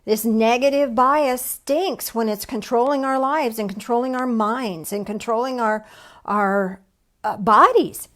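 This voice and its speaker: A woman's voice: on the high side, measured pace, fairly bright tone. A woman leading an online church service, preaching conversationally, asking herself questions and answering them aloud, with a folksy, self-deprecating touch.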